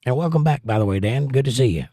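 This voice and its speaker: A man's voice: medium pitch, expressive, fast, warm tone, husky, no echo, studio quality. A man hosting a livestream in a casual chat, reading out viewer comments with a jokey, chatty manner.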